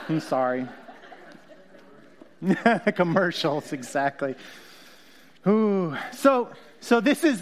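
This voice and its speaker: High-voiced joking male pastor. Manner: jokey, self-correcting, laughs often. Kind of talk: conversational sermon.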